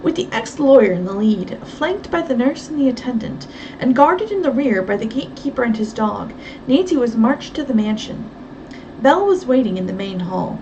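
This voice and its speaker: A woman reading a novel aloud with expressive, brisk storytelling, a bit distant over faint background noise. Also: on the high side, muffled recording. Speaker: reader.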